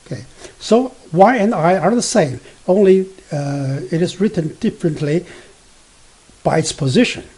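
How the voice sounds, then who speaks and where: A man teaching beginner Mandarin, explaining slowly with many fillers and self-corrections, and spelling out letters and sounding out tones. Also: fairly high pitch, lively intonation, warm tone, breathy edge. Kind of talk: beginner language lesson.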